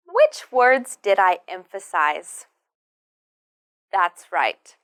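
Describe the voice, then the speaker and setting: A woman teaching English pronunciation, speaking slowly and modelling each word with careful stress. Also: mid-range voice, huge pitch swings, fairly bright tone, clean tone. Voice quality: careful, drawn-out modelling of words. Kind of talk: slow, clearly enunciated pronunciation lesson.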